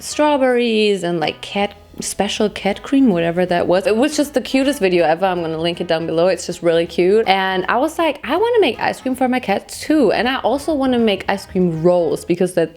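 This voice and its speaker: A woman's voice: lowish voice, a little mellow. Giggly young woman with a German accent. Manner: giggly, chatty, jokey asides. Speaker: vlogger. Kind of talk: casual cooking vlog.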